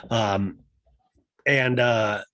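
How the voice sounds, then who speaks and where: A man hosting a comedy podcast, recapping a reality TV episode in a loose, swearing, animated way. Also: lowish voice, drawn-out words, dry recording, studio quality. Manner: animated, swears, slips into mimicking voices. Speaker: podcast host.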